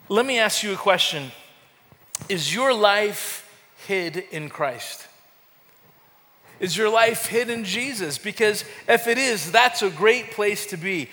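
A man's voice: high voice, bright, forceful tone. A man preaching a sermon as pastor, impassioned, with repeated words and rising calls to the congregation. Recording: long hall reverb.

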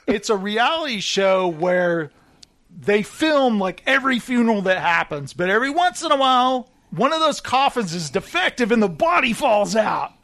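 Man, high-pitched voice, casual chat, animated storyteller, frequent laughter. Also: moderate pace. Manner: animated storyteller, laughs often, acts out quotes.

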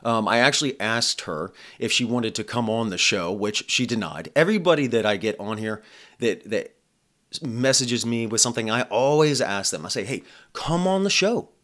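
A man's voice: lowish voice, expressive, moderate pace, fairly bright tone. A man hosting his own podcast, talking in a blunt, profane, rambling casual monologue. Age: adult. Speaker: podcast host.

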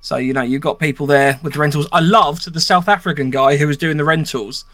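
A man speaks in a bright, forward voice that sits a little high for a man, recorded close and dry with no room sound. He has a swollen lip and talks things over in a chatty, reflective podcast style. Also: fairly quick, no room sound. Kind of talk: casual podcast chat.

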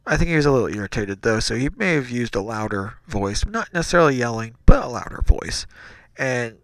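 A man tells a childhood story in a loose, rambling way, often stopping to correct himself. His voice is gravelly with fry and moves a lot in pitch. The sound is close and dry. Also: brisk, dry recording. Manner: rambling, self-correcting, animated. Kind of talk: casual storytelling.

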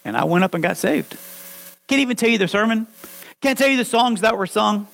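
A man preaching a sermon, telling his own testimony with animated storytelling that swings from hushed lines to loud ones. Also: high-pitched, fairly quick, vocal fry, rough recording. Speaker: pastor.

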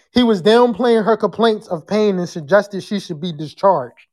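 A podcast host chats live with callers and the chat, loud and foul-mouthed, now and then erupting into screams. He speaks in a medium pitch and a little slowly.

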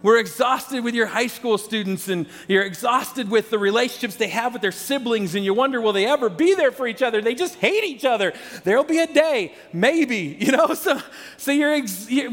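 A man preaches to his congregation in a high, light voice that rings out with a long reverb through a big church space. His delivery is loose and conversational. He restarts phrases and talks straight to the people in front of him. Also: animated, normal speed, a bit bright. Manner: conversational, repeats words, addresses the congregation directly. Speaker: pastor. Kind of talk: sermon.

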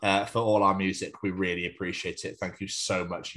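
A man's voice: deep voice, flat delivery, brisk, a bit bright. A young man, co-hosting a podcast in casual chat, jokey and rambling. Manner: chatty, jokey, slips into silly put-on voices. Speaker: podcast co-host.

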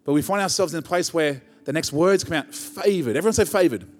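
Aussie pastor guy preaching, chatty then pushes up loud, long echoey hall sound. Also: fairly high pitch, quick pace. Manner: conversational preaching, builds to emphatic rises. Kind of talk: sermon.

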